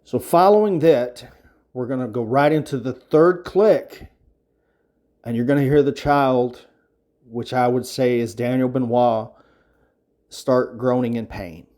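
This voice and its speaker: Mellow-voiced man, earnest commentary. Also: medium pitch, measured pace. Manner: emphatic, repeats his points, frequent fillers. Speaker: commentary channel host.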